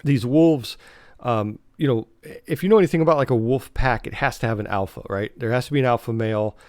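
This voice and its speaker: A man hosts a solo podcast, talking casually and rambling, his speech full of fillers and restarts. His mid-range voice is fairly quick and a little mellow, captured as a dry, studio-quality recording.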